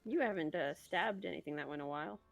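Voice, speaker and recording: A woman's voice: sits low, fast talker, gravelly, faint music behind. A woman casually guiding her husband through an online game at home, teasing him playfully. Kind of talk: casual let's-play chat.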